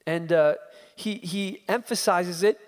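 A man's voice: high voice, slow, big-room sound. A man preaching an expository sermon, emphatic and building his points through repeated phrases.

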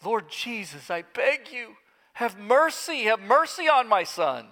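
Brief: a heartbroken father, pleading at a high, cracking pitch, as a preacher puts him on, with a long hall echo. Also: expressive, normal speed, pushed and bright. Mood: desperate pleading. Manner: pleading, breaking, urgent. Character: desperate pleading father of a sick boy. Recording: echoey hall.

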